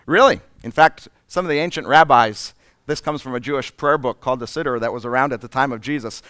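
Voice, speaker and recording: A man's voice: mid-range voice, fast, dry recording. Male preacher, dramatic sermon delivery, resonant tone, dry close mic. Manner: dramatic, swings from loud emphasis to breathy whispers.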